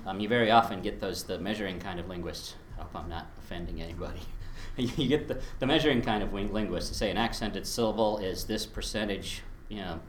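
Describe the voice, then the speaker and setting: A man with a fairly low voice leads a teaching workshop, talking in a relaxed, chatty way and chuckling often. He explains with spoken examples. The echoey room adds a faint hum behind him. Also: fast, few pauses. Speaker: Latin teacher. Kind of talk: workshop presentation.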